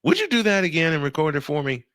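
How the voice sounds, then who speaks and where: A male show host tells a story with a lot of energy, laughing and speeding through the punchlines. His voice is bright and forceful, and it swings up and down in pitch. The sound is dry and close. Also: no echo. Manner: animated, laughing, quick bursts of speech. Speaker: radio and podcast host. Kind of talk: storytelling in casual chat.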